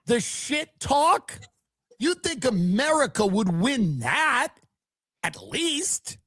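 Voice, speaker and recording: A man's voice: very high-pitched, big pitch swings, slow pace, a bit bright, husky, dry recording, studio quality. A man on a livestream panel reacting to clips in casual, incredulous, mock-dismayed chat.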